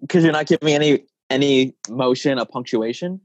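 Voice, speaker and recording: A man's voice: medium pitch, brisk, no room sound, lo-fi sound. Joking man hosting a podcast chat. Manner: joking, animated, laughs often. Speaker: podcast host. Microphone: podcast mic.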